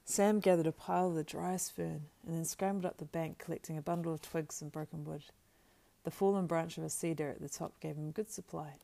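A woman narrating a storybook aloud in a steady, measured reading with small slips. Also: low-pitched, vocal fry. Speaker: audiobook narrator.

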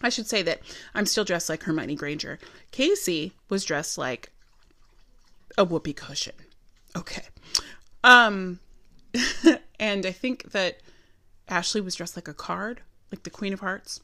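A woman telling a personal story to her camera from home. She talks in an animated, chatty way, full of emphatic asides. Her voice sits at a middle pitch. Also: measured pace, pauses often. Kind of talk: casual storytelling. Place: her apartment.

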